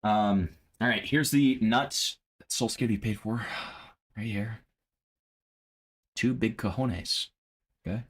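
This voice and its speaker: A man's voice: fairly low pitch, takes it slowly, long pauses, breathy edge. A man live-streaming a casual reaction, profane and mocking.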